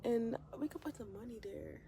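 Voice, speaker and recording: A woman's voice: fairly high pitch, wildly swooping pitch, normal speed, heavy background noise. A young woman vlogging casually to camera, slangy and rambling, tearful after crying for a long time. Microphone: phone camera.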